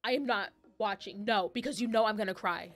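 A woman's voice: medium pitch, a little fast, a bit bright, faint music behind. A young woman streaming a game, chatting casually, gushing and swearing, laughing often.

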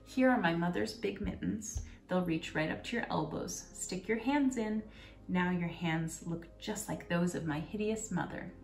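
A woman's voice: lowish voice, measured pace, vocal fry, darkish tone. A woman voicing a fierce, bossy young robber girl in a fairy tale. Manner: blunt, bossy. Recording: roomy, distant, faint music.

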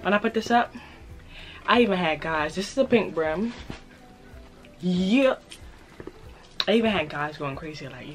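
A young woman with a New York accent and a slightly raspy voice, hosting a casual haul video and hyping her purchases to viewers in a playful way. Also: fairly low pitch, animated, unhurried, long pauses, soft background music. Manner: playful, hyped, repeats phrases, talks straight to viewers. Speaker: fashion vlogger.

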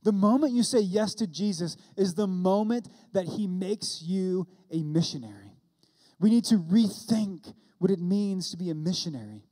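A man's voice: high voice, animated, normal speed, warm tone. A man in his thirties preaching a sermon as a pastor, telling a personal story and acting out the dialogue. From California. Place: church.

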